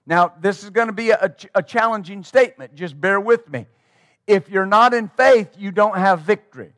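A man's voice: high voice, normal speed, a bit bright, no echo, clean studio sound. A man preaching a sermon as pastor, emphatic and rhythmic, drawing call-and-response from his congregation.

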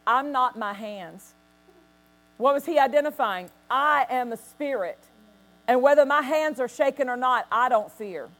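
A woman pastor preaching a sermon, telling stories with lively quoted voices and bursts of acted laughter. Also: on the high side.

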